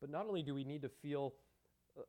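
A man's voice: on the high side, fast, warm tone. A man preaching a sermon as pastor, emphatic, with rhetorical questions and chatty asides to the congregation.

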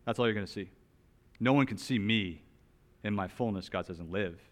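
A man preaching an expository sermon. He talks in an animated, emphatic way, rises loudly on some points, and drops to a soft, slow voice on others. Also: on the low side. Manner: animated, emphatic, with wide swings in loudness. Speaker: pastor.

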